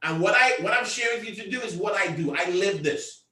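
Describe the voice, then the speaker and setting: High-pitched, brisk and bright with real force, this man sounds reverberant and far from the mic. In his motivational talk to a convention call, the team leader hammers points home by repeating them and frequently raises his voice.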